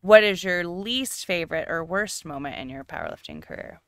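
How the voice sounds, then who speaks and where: A woman interviewer asking questions in a brisk, direct way. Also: lowish voice, huge pitch swings, dry recording.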